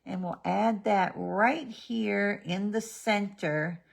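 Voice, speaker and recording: A woman hosting a live card-making demonstration, chatty and unhurried, stopping now and then to talk to her pet. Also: medium pitch, vocal fry, slightly rough. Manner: slow, chatty, talks to her pet between steps. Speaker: stamping demonstrator.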